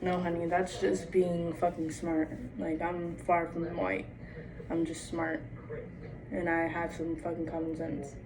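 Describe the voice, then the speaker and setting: A woman's voice: on the low side, completely flat delivery, unhurried, a crowd in the background. A young adult woman vlogging in a casual monologue, blunt and profane, with "like" in nearly every phrase. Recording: distant mic with faint background noise.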